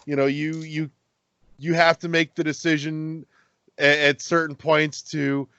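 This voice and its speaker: A man's voice: a little high, unhurried, clear, resonant tone, dry recording, muffled recording. Rambling, profane man on a podcast. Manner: rambling, profane, animated when excited. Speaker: podcast co-host. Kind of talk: casual podcast chat.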